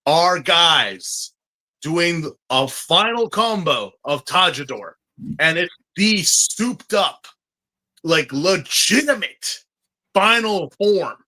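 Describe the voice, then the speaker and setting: A man in a casual podcast chat, excitable and rambling, with frequent restarts and fillers. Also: a little high. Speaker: podcast co-host.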